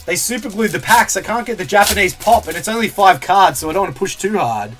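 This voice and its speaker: Man, high voice, casual live-stream chat, reads viewer comments, laughs often, faint background music. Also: expressive, fast, a bit bright. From Australia. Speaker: streamer opening card packs.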